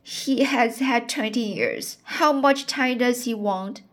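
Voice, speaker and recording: A woman's voice: a little high, slow, fairly bright tone, voice pushed up. A woman reading the part of a tearful forty-year-old spinster woman, plainspoken and aggrieved as she pours out her complaints.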